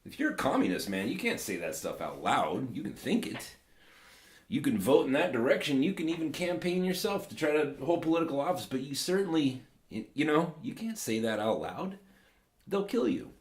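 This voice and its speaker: A man's voice: fairly high pitch, big pitch swings, moderate pace, reverberant. A man hosting a podcast, giving casual political commentary in a rambling, sarcastic way with lots of fillers. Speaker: podcast host.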